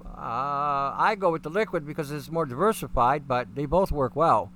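A man's voice: on the high side, expressive, moderate pace, fairly bright tone, a little hiss or hum. A middle-aged man hosting a live stream, talking in a rambling, folksy way as he answers chat questions.

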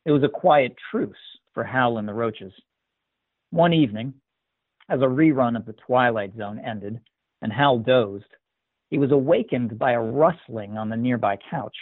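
A man narrating a scripted story in a measured, even manner. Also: medium pitch, dry recording. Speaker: story reader. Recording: tinny dry phone-like sound.

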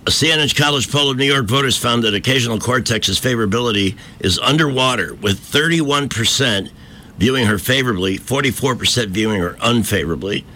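A man's voice: medium pitch, fairly quick, pushed and bright. A man hosting a talk radio show, delivering combative, mocking opinion commentary from a studio microphone.

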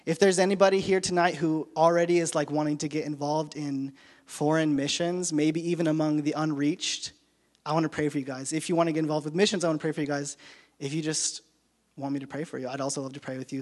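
A man speaking as a guest missionary, casually and in a friendly way to a congregation. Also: on the high side. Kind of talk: closing remarks to a congregation.

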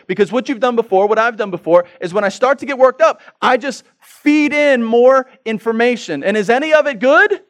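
Male pastor with a high voice, preaching a sermon that swings between hushed and impassioned. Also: lively intonation, fairly quick. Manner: swings from quiet reflection to loud, rising passion; acts out inner voices and prayers.

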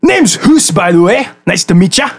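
A man's voice: high voice, big pitch swings, moderate pace, husky, pitched above the performer's own voice, heavily acted. A man putting on a jovial 300-year-old traveler.

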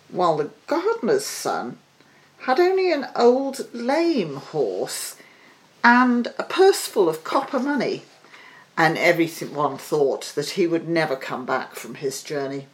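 A woman on the library staff reading a fairy tale aloud in an expressive storytelling manner. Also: low-pitched.

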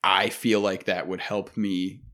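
A man's voice: low voice, flat delivery, creaky, pushed and bright. A young man co-hosting a podcast, rambling and joking with frequent swearing in casual chat. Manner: profane, rambling, quick to joke. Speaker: podcast co-host.

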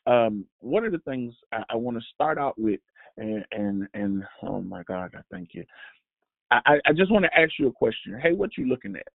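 A man hosting a devotional show, preaching slowly with halting restarts and a repeated refrain. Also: mid-range voice, animated, vocal fry, no echo. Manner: halting, repetitive, with many restarts and fillers; drives points home with a repeated refrain. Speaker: host and preacher. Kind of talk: devotional sermon. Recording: tinny phone-like dry sound.

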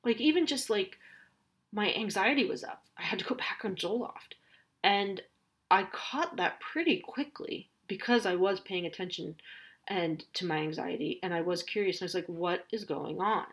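A woman's voice: medium pitch, moderate pace. A woman in her thirties talking casually about parenting, with lots of fillers and restarts. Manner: chatty, many fillers and self-corrections. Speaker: parent sharing advice. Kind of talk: casual monologue.

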